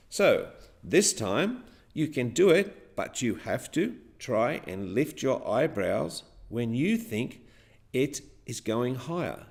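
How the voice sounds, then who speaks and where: A man's voice: mid-range voice, sing-song, a little slow, darkish tone. A man teaching a class, guiding the pupils step by step through a chanted rhyme with counts and clapping. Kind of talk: classroom rhythm lesson.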